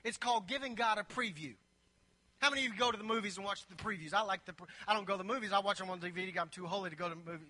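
Bright, high-voiced preaching man. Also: racing. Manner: preacherly, repetitive build-ups, playful asides. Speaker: pastor. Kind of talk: sermon. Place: church sanctuary. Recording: long reverb of a large hall.

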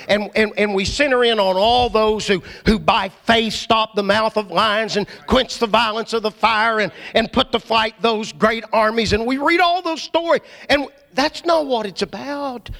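A man preaching a sermon, dramatic, swinging from loud emphasis to hushed low asides. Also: moderate pace, vocal fry, hardly any pauses. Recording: hall reverb.

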